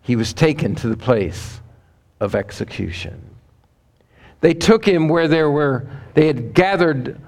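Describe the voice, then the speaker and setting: A male preacher delivering a sermon, telling a story dramatically and often dropping to a hushed, low voice. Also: animated, unhurried, vocal fry.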